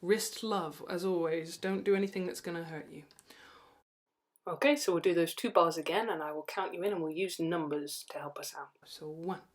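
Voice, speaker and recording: A woman teaching guitar online, talking warmly and counting the beats aloud while she plays. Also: fairly low pitch, fairly quick. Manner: encouraging, counts aloud, chuckles at herself. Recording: loud guitar under the voice. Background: guitar playing.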